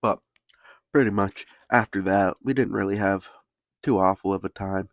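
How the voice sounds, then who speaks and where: A man's voice: sits low, fairly even intonation, moderate pace, dry recording. A young man casually telling a story in laid-back slang, swearing constantly.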